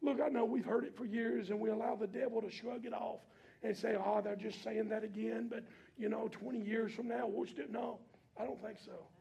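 High-voiced gravelly preacher man. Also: fairly even intonation, moderate pace. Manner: builds from low reading to shouted preaching; colloquial preaching with call-and-response. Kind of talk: sermon.

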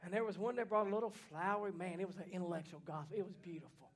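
A man preaching a fiery sermon in a church, folksy and plainspoken, swinging from hushed lines to shouting. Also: sits high, racing. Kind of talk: fiery Pentecostal-style sermon.

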